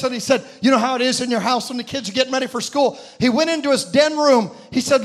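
A man preaches a sermon in a very high, ringing voice, building a story with impassioned shouts. He slows some phrases right down for weight. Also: fairly even intonation.

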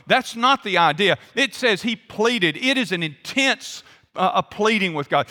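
A man's voice: high-pitched, animated, moderate pace, sharp tone. A man pastor preaching a conversational sermon, quizzing the congregation. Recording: long hall reverb.

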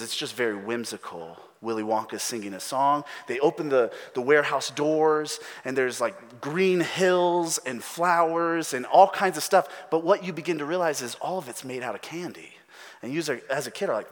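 Male pastor, slightly high voice, animated storyteller, sermon recorded with long hall reverb.

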